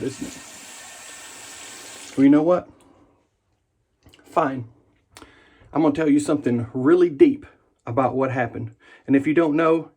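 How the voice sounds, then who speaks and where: A man's voice: fairly high pitch, a little mellow. A man hosting a wet shaving vlog from his home bathroom, rambling and joking at his own expense while he shaves. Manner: joking, rambling, self-deprecating. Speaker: wet shaving channel host.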